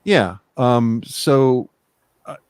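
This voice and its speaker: A man's voice: medium pitch, expressive, very slow, darkish tone, clean tone, dry recording, clean studio sound. Rambling, blunt man on a podcast. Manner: rambling, blunt, swears freely. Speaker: podcast co-host. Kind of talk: casual chat.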